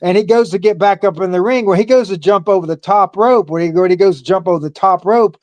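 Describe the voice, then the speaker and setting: A man's voice: high-pitched, darkish tone, no room sound. Older man rambling through wrestling stories. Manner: halting, many "uh" fillers, laughs through stories. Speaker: former pro wrestler, guest. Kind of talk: casual storytelling interview.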